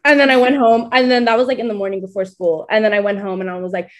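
Here a young guest talks fast in a mid-range voice, relating her coming-out story in relaxed conversation. She performs the quotes of people involved and keeps breaking into laughter as she animatedly tells it.

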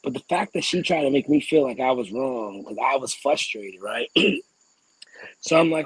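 A young adult man, a podcast co-host, telling a story in a casual, profane, animated way and acting out the people he argued with. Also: medium pitch, moderate pace, husky, no echo, poor audio. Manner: animated, profane, acts out quoted exchanges.

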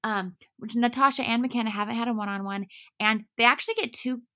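Woman gabbing about last night's episode, kinda high voice, lots of "like". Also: brisk. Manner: chatty, animated, lots of fillers. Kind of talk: casual chat recapping a dating show.

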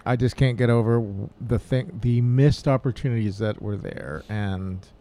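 Gravelly man in casual podcast chat. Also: mid-range voice, moderate pace, mellow. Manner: joking, playful asides. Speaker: podcast co-host.

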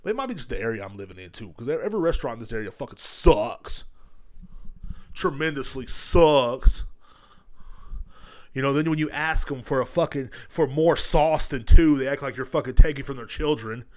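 A man's voice: mid-range voice, lively intonation, normal speed, darkish tone. A middle-aged man hosting a comedy podcast, ranting crudely and mocking voices as he rambles. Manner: profane, rambling, mocking voices mid-rant. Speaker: podcast host.

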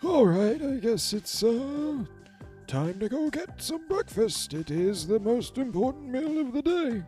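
A man's voice: very high-pitched, sing-song, a little slow, dark tone, faint music behind, heavily acted. A man voicing a rambling old male ex-soldier in prison, stammering and dithering, getting overexcited. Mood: excited. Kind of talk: tabletop role-play voicing.

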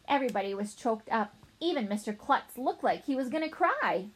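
Woman reading a kids chapter book, playful and goofy, high bouncy voice. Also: fairly quick, a little hiss or hum, low-quality recording. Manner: playful, animated, voicing a young boy narrator. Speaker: audiobook narrator. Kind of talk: children's storybook narration.

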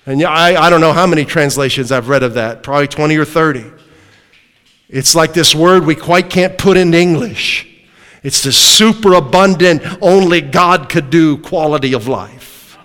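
A man's voice: fairly high pitch, moderate pace, fairly bright tone, smooth, in a large hall. A man preaching a sermon to a congregation, emphatic and throwing rhetorical questions at his listeners.

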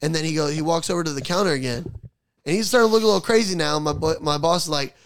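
A young man hosting a podcast, telling a story in casual, profane slang with animated energy. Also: fairly high pitch, rapid-fire, no room sound. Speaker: podcast host.

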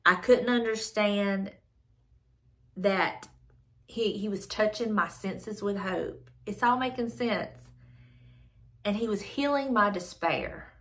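A woman's voice: medium pitch, takes it slowly, pauses often. A woman with a mid-range voice reads from a devotional book and reflects on it aloud. She talks earnestly, circling back over her phrases as she works out her thoughts. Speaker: devotional channel host.

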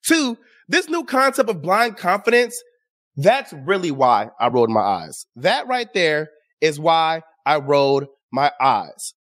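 A man with a high voice hosts his own talk show and speaks straight to the audience. His delivery is sarcastic and exasperated, and it swoops up and down with lively intonation. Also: measured pace. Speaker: show host. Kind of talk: casual opinion commentary.

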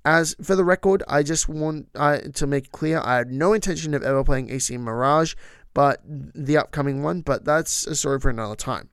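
A man's voice: a little high, brisk, a bit bright, clear, resonant tone, dry recording, studio quality. A man hosting a podcast, talking casually and with opinions about trivia, with frequent asides. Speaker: podcast host.

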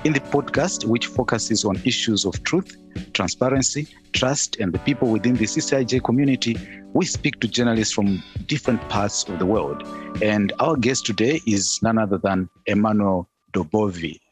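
A middle-aged man hosting a podcast interview, friendly and a little halting as he asks his questions. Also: medium pitch, breathy edge. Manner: friendly, a bit halting, with fillers. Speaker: podcast host.

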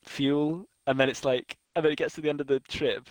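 A man's voice: medium pitch, fairly even intonation, quick pace, dry recording. Rambling young man, dry sound. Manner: rambling, laughing retelling with many restarts. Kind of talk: casual chat.

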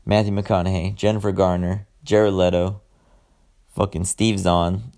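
Young male podcast host, deep gravelly voice, loose and foul-mouthed, lots of ums. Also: flat delivery, measured pace, mellow. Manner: rambling, profane, frequent filler words. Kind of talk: casual solo podcast monologue.

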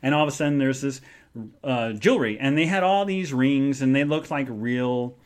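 A man's voice: mid-range voice, expressive, normal speed, clear, resonant tone. A man hosting a live podcast show, telling a rambling story in a chatty way with lots of fillers. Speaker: podcast host.

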